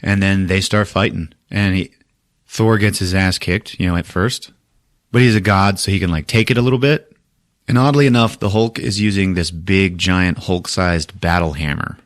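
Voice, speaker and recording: A man hosting a podcast who recaps a movie in a casual, profane, animated way, laughing often. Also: sits low, normal speed, no echo, studio quality. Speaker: podcast host.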